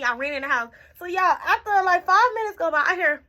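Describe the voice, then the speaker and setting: A woman's voice: very high-pitched, lively intonation, fast talker, heavy background noise. A tipsy young woman telling a storytime in casual, profane chat, jumping around as she goes. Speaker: storytime vlogger.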